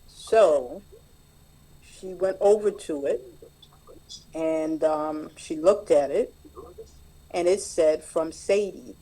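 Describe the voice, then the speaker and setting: A woman's voice: deep voice, takes it slowly, pauses often, dark tone, slightly rough, rough recording. A middle-aged woman telling a personal family story at a recovery group meeting, reflective and plain, with many fillers. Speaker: meeting member sharing.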